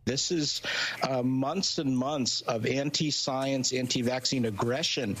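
A man's voice: mid-range voice, slow pace, fairly bright tone. Man in a noisy archive TV clip. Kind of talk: TV interview.

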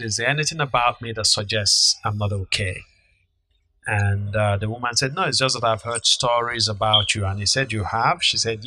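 A middle-aged man co-hosting a podcast, telling an anecdote in an unhurried, measured way. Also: medium pitch, bright, forceful tone, no room sound, poor audio. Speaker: podcast co-host, author. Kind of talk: casual storytelling chat.

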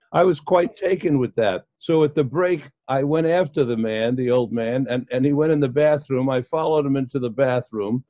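An older man, a psychologist guest, recounting his past in an interview with many pauses and fillers. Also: medium pitch, warm tone, no room sound. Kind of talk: storytelling in an interview. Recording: dull, dry lo-fi sound.

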